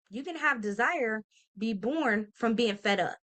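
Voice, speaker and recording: This thirties-aged vlogger has a slightly high, bright, expressive voice and takes her time as she delivers a heartfelt motivational message to the camera. Earnest and emphatic, she keeps it casual with slang and filler words, calling out to viewers with "y'all" and "okay?"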